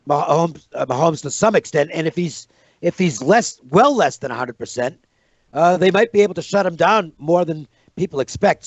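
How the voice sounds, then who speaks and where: A male handicapper gives careful, hedging opinions, pausing and restarting his sentences. His voice is slightly high, recorded dry with a muffled lo-fi tone. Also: dry recording. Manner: measured, hesitant, many restarts. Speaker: sports handicapper. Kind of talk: casual sports betting analysis.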